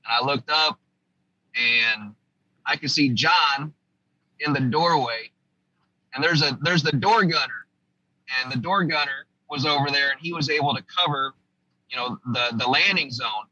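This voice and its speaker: Guy from the us telling a combat story on a podcast, really bright voice, kinda muffled mic. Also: medium pitch, measured pace, pauses often, husky. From United States. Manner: vivid storytelling, acting out quoted lines. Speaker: guest, former army sergeant.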